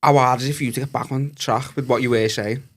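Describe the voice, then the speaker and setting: A man co-hosting a podcast, asking questions in a relaxed, chatty way. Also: medium pitch, fast talker. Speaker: podcast co-host. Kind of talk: casual podcast chat.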